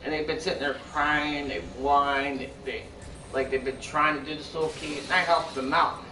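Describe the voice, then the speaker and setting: In an echoey room far from the mic, a young man live-streams with a fairly high, level voice at normal speed. His chat to viewers is casual, rambling, and repetitive, with sentences that keep restarting, over background noise.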